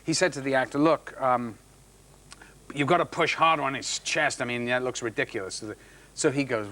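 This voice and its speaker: A middle-aged man, an actor guest on a chat show, telling a story with halting restarts and acting out the voices of the people in it. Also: mid-range voice, a bit bright.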